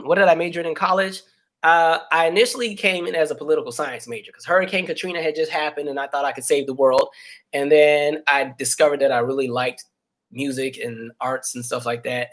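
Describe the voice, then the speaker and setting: A man in his thirties chatting with viewers on a livestream and telling stories in an animated, casual way. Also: fairly high pitch. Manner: animated storytelling, many fillers. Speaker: livestream host.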